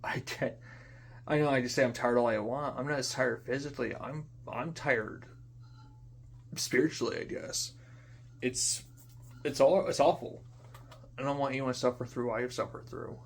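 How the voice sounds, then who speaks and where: A man's voice: medium pitch, steady tone, normal speed, gravelly, pauses often, a little hiss or hum. Profane young man ranting alone. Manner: frustrated, profane, repeats himself, trails off into quiet mutters. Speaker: vlogger. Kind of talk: unscripted ranting monologue.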